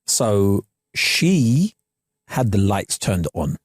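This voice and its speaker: A young man, co-hosting a podcast and telling a story in animated, slangy casual chat. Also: lowish voice, drawn-out words, breathy edge, no echo, clean studio sound. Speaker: podcast co-host. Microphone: studio podcast mic.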